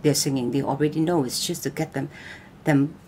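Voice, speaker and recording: An older woman, a guest vocal coach, talking in a live-stream interview, halting and repeating words with loose grammar. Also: sits low, fairly even intonation, warm tone, slight background noise.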